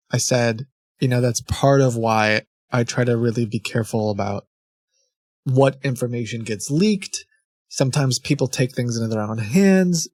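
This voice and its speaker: A man's voice: medium pitch, a little mellow. A young man talks casually on a stream in a mid-range voice, drifting from thought to thought and often stopping to restart a sentence. The sound is dry and close, with no room echo. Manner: rambling, self-correcting with restarts and short laughs. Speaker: scam-baiting streamer. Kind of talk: casual rambling chat on a stream.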